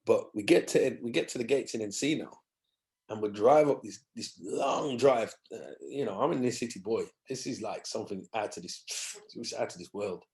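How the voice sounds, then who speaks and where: Low-voiced man telling stories. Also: brisk. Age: 50s. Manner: animated anecdotes, acting out others' voices. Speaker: guest musician. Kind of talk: storytelling in a podcast interview.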